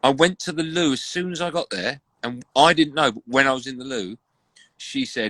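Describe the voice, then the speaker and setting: A host chats on a live video stream, spinning jokey anecdotes. His voice sits at a middling pitch. The sound is dry and close, with no room echo. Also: a bit bright. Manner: jokey storyteller, brisk anecdotes. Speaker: radio host. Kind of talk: casual live-stream chat. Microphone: online live video call.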